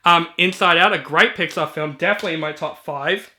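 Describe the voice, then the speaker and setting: A man with a high, bright and forward voice walks through his movie shelf in a casual video. He is chatty and eager, dropping ums and quick asides between titles. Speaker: movie reviewer. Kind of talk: casual collection walkthrough.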